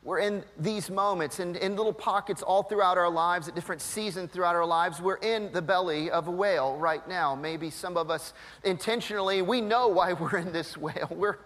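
A man in his thirties preaching a sermon, telling a family story with lively acted-out voices. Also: a little high. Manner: animated storytelling, acts out voices. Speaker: pastor. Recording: long reverb of a large hall.

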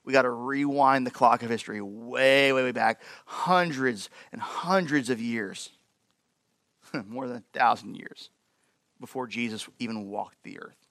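A man preaching a sermon to his church in a conversational, animated way with lots of fillers. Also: mid-range voice, measured pace, no room sound. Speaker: pastor.

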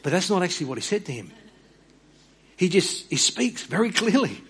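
Male pastor, husky and a touch high, earnest sermon delivery, soft emphatic drops. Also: big pitch swings, normal speed, pauses often. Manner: repeats and restarts words.

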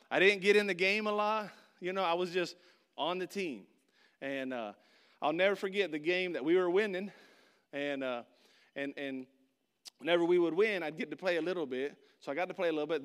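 High, bright-voiced animated male preacher. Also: smooth. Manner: animated storyteller, acts out voices and shouts; addresses the audience directly. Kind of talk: sermon with storytelling.

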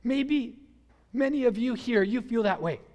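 Middle-aged guy preaching, high voice, chatty storytelling w lots of "you know". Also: a little slow. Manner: animated, acts out his own and others' voices in the story; conversational, frequent fillers like "you know" and "like". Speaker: pastor. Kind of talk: sermon with personal storytelling.

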